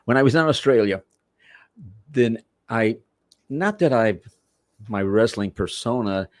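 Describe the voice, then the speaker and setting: A man from Manchester, England, telling rambling, animated stories as a wrestler guest in an interview. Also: mid-range voice, measured pace, dry recording, studio quality. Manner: rambling, animated, self-correcting storyteller. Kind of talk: interview storytelling.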